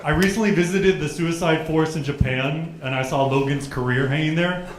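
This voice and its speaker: A man's voice: on the high side, normal speed, noisy background. A man delivering punchy roast-style one-liners on a club stage. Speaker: open-mic comedian. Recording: echoey club.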